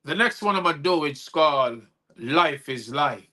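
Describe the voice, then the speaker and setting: Bright-voiced poet host. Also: male voice, on the high side, lively intonation, a little slow. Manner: rhythmic rhyming delivery, chuckles at own lines. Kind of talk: spoken-word poetry performance.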